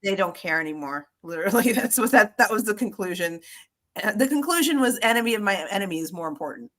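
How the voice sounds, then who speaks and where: Woman on a stream panel, lots of ums, medium voice, figuring it out out loud. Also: medium pitch, expressive, fast talker. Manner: questioning, hesitant with ums. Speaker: panel guest. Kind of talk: casual live-stream chat.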